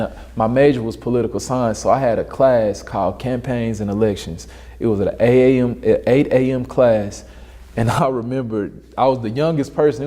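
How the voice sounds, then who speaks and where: A young man from Dallas, a guest telling animated stories in a casual interview and acting out the voices he quotes. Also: medium pitch. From Dallas, Texas.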